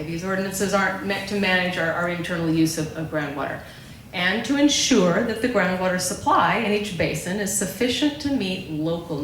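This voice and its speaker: A woman reads a prepared explanation to a public meeting and pauses often to check that her listeners follow. The room is very echoey, and a faint hiss runs underneath her voice. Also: fairly low pitch. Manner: explanatory, keeps checking in with "okay?". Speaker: local speaker presenting on a ballot measure. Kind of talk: prepared public talk read from notes.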